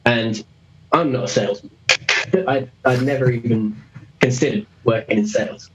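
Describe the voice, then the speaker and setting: A man's voice: mid-range voice, moderate pace, a little hiss or hum, poor audio. British young man, rambling storyteller. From Britain. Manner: rambling, laughs often, many restarts. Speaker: interview guest. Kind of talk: casual storytelling.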